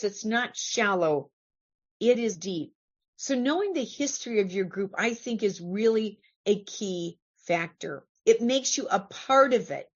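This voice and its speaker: A woman's voice: medium pitch, slightly rough, dull audio. A woman from California giving an earnest, conversational talk to a recovery meeting, asking her listeners questions as she goes.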